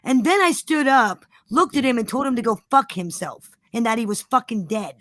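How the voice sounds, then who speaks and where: A woman's voice: fairly high pitch, lively intonation, normal speed, a bit bright, no room sound. Defiant, foul-mouthed woman telling a story. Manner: defiant, profane, repeats herself for emphasis. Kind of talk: casual storytelling.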